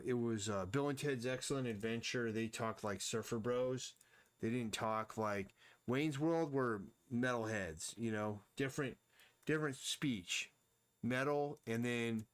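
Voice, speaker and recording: A man's voice: medium pitch, fairly bright tone. A man thinking aloud and rambling casually while he draws on a live stream. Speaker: artist streaming his drawing.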